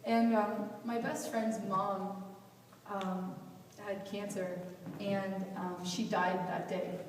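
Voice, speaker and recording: A young adult woman giving a personal storytelling talk at a youth event, animated and acting out the dialogue she recounts. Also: mid-range voice, slow pace, a little hiss or hum. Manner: animated, acts out quoted dialogue. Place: event hall. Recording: echoey hall from far off.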